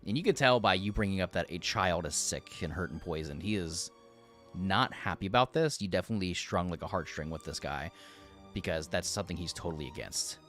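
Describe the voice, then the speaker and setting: Low-voiced casual game master. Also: male voice, brisk, a bit bright, soft background music. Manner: casual, lots of likes and restarts. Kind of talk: narrating a tabletop game.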